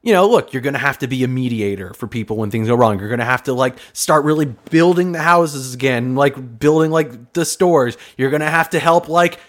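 A man's voice: mid-range voice, a little fast, few pauses, fairly bright tone. A man co-hosting a podcast, giving rambling, filler-heavy answers in casual banter. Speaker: podcast co-host.

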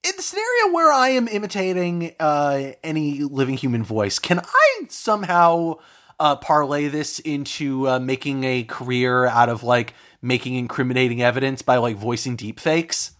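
A man's voice: mid-range voice, expressive, normal speed, a bit bright. A man co-hosting a comedy podcast who asks playful, rambling questions in casual chat. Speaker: podcast co-host.

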